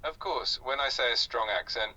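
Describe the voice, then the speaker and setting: Bright, husky male AI voice, heard from afar. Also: medium pitch, moderate pace, far from the mic, muffled recording. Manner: polite, encouraging, with frequent "uh" fillers. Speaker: AI conversation partner. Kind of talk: patient tutoring chat.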